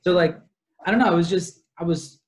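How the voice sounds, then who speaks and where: A young podcast co-host with a high, slightly fast voice retells a plot at length in casual book-club talk. His rambling, detail-heavy account is packed with fillers and asides.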